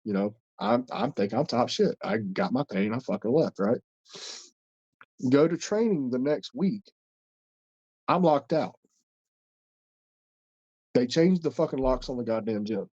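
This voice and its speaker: A man tells a story on a podcast in a dark, mellow voice, blunt and swearing nonstop. The sound is dry, with little room echo. The audio is a little muffled and lo-fi. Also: medium pitch, sing-song, measured pace, long pauses. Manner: blunt, heavy swearing, rambling. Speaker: podcast host and wrestler. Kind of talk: casual storytelling.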